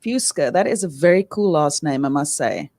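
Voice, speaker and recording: A woman's voice: low voice, lively intonation, normal speed, darkish tone. A woman co-hosting a talk show, chatting in a playful, teasing way. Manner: playful, teasing, laughs along. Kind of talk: casual talk-show chat. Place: studio.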